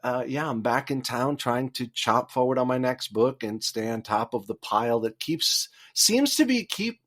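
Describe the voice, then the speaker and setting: Man, guest author, casual interview chat, middle pitch, rambling, many fillers. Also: expressive, normal speed, a bit bright.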